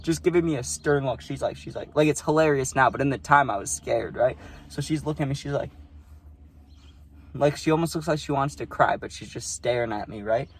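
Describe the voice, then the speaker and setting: A man's voice: medium pitch, a little fast, slight background noise. Young male vlogger, loose and rambling, swears freely, ordinary mid-range voice, phone-recorded. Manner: rambling, profane, full of "you know what I mean". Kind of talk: casual storytime vlog.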